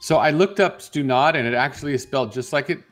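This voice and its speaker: A man's voice: medium pitch, quick pace, a bit bright, faint music behind. A man co-hosting a morning radio show, chatting and teasing his co-host in a casual, laughing way. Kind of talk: casual chat.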